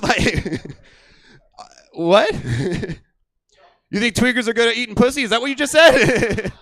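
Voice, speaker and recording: A man working the room as a stand-up comedy host, loose and rambling, swearing freely. His voice sits high, and the sound is dry and close on a stage mic in a small theater. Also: lively intonation, measured pace, pauses often, a bit bright, dry recording. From California.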